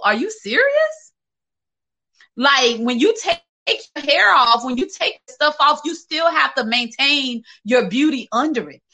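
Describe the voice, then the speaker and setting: A woman hosts a relaxed livestream and answers viewer comments in an open, chatty way, laughing often. Her voice is bright and sits a little high. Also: rough recording. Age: adult, working age. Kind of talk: casual livestream chat.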